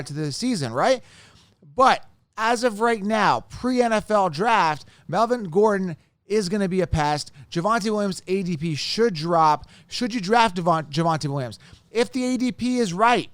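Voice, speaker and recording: A man with a fairly high voice hosts a solo podcast, heated and emphatic, repeating himself as he vents. The sound is close and dry, with no room around it. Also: dry recording. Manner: heated, venting, emphatic with frequent "right?". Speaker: fantasy football podcast host.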